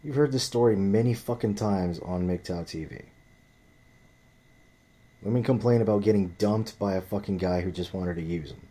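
A man's voice: deep voice, normal speed, mellow. A man telling a story in a ranting vlog monologue, blunt and profane, often rambling and restarting his sentences. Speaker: vlogger.

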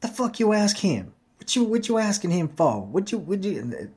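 A man putting on the voice of an angry woman who yells at a young boy, cursing in clipped slang. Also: high voice, big pitch swings, moderate pace, husky, pitched above the performer's own voice, heavily acted. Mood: furious. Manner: yelling, profane, clipped slang.

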